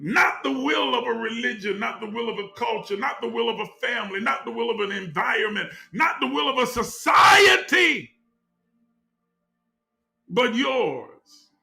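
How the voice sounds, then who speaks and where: A man preaching in a very high, bright voice with a gravelly edge. He speaks slowly and rises to shouts, hammering his phrases again and again. Faint music plays underneath. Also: lively intonation. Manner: preaching cadence, rising to shouts, repeating phrases. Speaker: teacher of a spiritual group. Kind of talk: fervent spiritual teaching.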